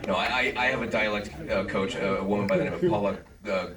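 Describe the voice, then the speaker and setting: Deep voiced guy on a panel, rambly and jokey, echoey hall sound. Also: fast talker, distant mic, crowd noise. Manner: rambling and joking, many fillers. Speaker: voice actor on a convention panel. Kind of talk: panel Q&A answer. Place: large convention hall.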